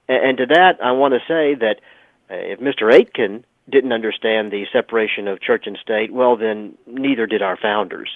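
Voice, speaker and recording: A man's voice: mid-range voice, moderate pace, no room sound. A man on a radio talk show telling a history story in an emphatic, sometimes sarcastic way. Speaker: radio guest. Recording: tinny phone line, dry.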